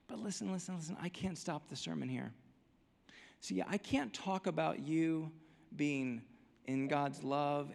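A man's voice: medium pitch, vocal fry, big-room sound. A male pastor preaching a sermon, emphatic and full of repeated rhetorical questions.

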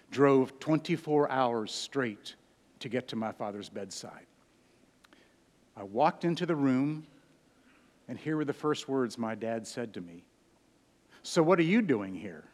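A pastor in his sixties preaching a sermon, swinging from loud emphatic peaks down to hushed low phrases. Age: 60s. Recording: hall reverb.

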